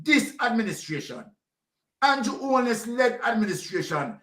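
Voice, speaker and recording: A man's voice: high voice, big pitch swings, moderate pace, pushed and bright. A man delivering a fiery, accusatory political rant, hammering his points home. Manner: fiery, accusatory, repeats "you understand". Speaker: political commentator. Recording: roomy and distant from the mic.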